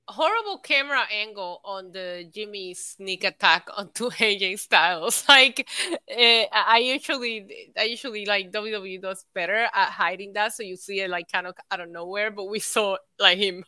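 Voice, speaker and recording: A woman co-hosting a casual podcast, chatty and quick to laugh. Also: medium pitch, sharp tone, smooth, no echo. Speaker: podcast co-host.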